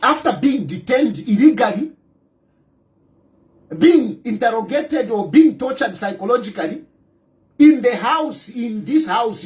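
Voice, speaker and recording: A man's voice: extremely high pitch, a little mellow. A man with a Zambian accent giving an emphatic broadcast monologue as a political commentator, with repeated rhetorical questions. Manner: emphatic and repetitive, rhetorical questions, switching into local phrases.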